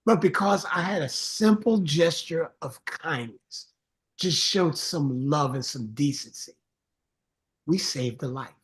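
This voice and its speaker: Man, songwriter guest, fairly high voice; earnest storyteller who livens up when mimicking friendly greetings. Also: slow pace. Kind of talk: casual interview chat.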